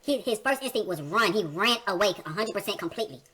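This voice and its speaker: A woman's voice: mid-range voice, lively intonation, fast talker, fairly bright tone, husky. A woman hosting a reaction video, talking emphatically in casual slang and asking rhetorical questions.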